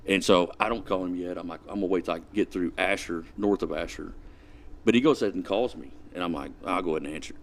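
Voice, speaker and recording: A man talks in a low, unhurried voice. He drawls through a story on a podcast, slipping into the voices of the people he quotes. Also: a little hiss or hum. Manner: drawling, laid-back retelling with quoted dialogue. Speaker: podcast guest. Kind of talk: casual storytelling.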